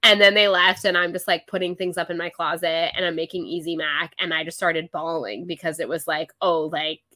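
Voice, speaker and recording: Bright-voiced young woman podcast co-host. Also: on the low side, fairly quick. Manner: animated, exclamatory, laughing. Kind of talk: casual book-club chat.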